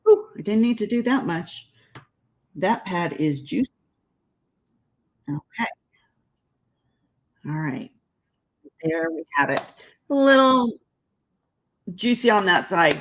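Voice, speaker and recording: A woman's voice: fairly low pitch, animated, slow pace, long pauses, rough recording. A woman giving a casual crafting tutorial, chatting as she works and laughing at her own slips. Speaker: card-making demonstrator.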